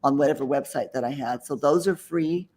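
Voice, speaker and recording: A book-writing mentor appears as an interview guest, his voice a little high, a little mellow, and fairly quick. He's casual and confident in tone, rambling somewhat with occasional restarts.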